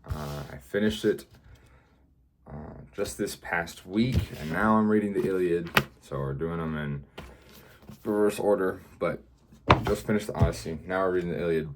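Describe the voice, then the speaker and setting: Low-voiced rambling young man. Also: normal speed, heavy background noise. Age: young adult. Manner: rambling, full of fillers and "like". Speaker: vlogger. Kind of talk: casual talk to camera.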